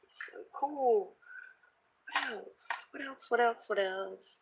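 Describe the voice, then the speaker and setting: Slow-talking gravelly woman crafter. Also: fairly high pitch, noisy background. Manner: chatty, thinks aloud, reads viewer comments. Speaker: crafting vlogger. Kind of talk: casual live-stream crafting chat.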